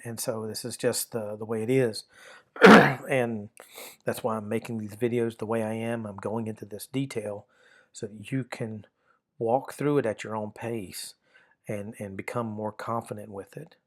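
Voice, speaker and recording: A middle-aged man teaching a grammar lesson in a patient, repetitive way, often restarting his sentences and filling pauses with "uh". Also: lowish voice, darkish tone. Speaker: Greek teacher. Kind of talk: recorded lesson explaining grammar.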